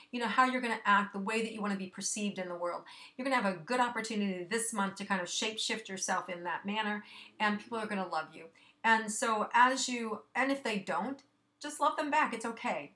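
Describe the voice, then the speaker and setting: Woman host with a bright, clear voice, casual and encouraging, a little out of breath, speaking to viewers directly. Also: mid-range voice. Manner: chatty, reassuring, many fillers. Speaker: astrology forecaster. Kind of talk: casual monthly astrology forecast.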